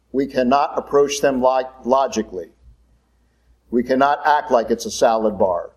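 Male preacher, mid-pitched, conversational storyteller during a sermon. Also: a little mellow, rough recording.

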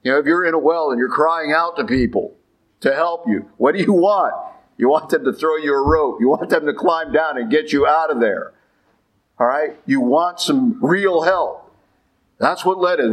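A Catholic priest with a slightly high, fairly bright voice preaches a sermon, conversational in tone, using rhetorical questions and often checking in with the congregation. The audio is poor.

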